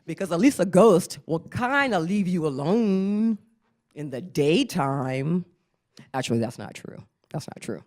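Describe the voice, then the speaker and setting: A woman's voice: on the low side, measured pace. A middle-aged woman doing a stand-up comedy routine, telling stories animatedly and laughing often. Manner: animated storytelling, acts out voices, laughs often. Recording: live show with audience behind.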